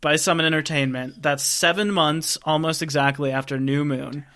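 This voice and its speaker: A man's voice: on the high side, steady tone, normal speed, pushed and bright. A man hosting a podcast, running through film facts and figures in casual chat. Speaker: podcast host.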